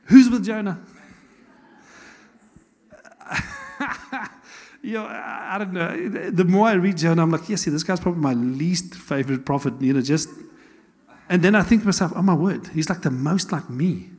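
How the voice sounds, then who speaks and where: Pastor preaching, lively up and down voice, kinda husky, big echoey church hall. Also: male voice, high voice, normal speed, long pauses. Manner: animated, conversational preaching with laughs and asides. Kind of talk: sermon. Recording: long church hall reverb.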